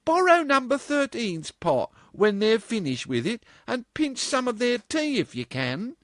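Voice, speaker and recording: A man's voice: very high voice, very animated, unhurried, no room sound, studio quality, voice pushed up, heavily acted. A man voicing a dramatic, gushing young woman clerk who wails and pleads. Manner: wailing, breathless, theatrical. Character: shrill gushing young office girl, dramatic.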